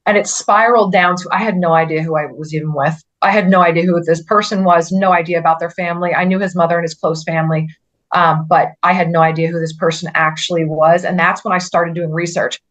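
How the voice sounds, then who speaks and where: Earnest woman telling her story, halting. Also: fairly low pitch, steady tone, a bit bright. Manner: earnest, halting, with frequent restarts and "like" fillers. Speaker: podcast guest. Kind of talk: personal story in a conversational interview.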